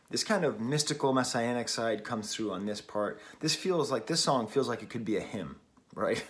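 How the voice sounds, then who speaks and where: A New England man reviews an album at home early in the morning, keeping it casual and wry and often laughing at himself. Recorded on a camera mic, his medium-pitched voice has lively intonation and a moderate pace.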